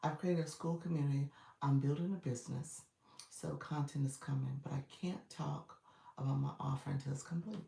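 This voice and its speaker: A woman's voice: sits low, steady tone, fairly quick, vocal fry, warm tone, distant mic. A woman coach chatting casually and encouragingly with her livestream viewers, still in her groggy morning voice. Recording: echoey room, away from the mic.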